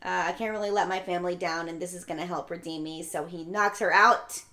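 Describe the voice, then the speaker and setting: A woman's voice: on the low side, fairly even intonation, fairly quick, pushed and bright. A woman in a casual chat, retelling a film plot and acting out the characters' lines. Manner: acts out the characters' lines while narrating. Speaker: podcast co-host.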